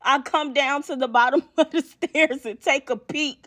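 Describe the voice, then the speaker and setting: A woman podcast host telling a personal story in an animated way, laughing often and checking in with the listener as she goes. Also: sits high, moderate pace.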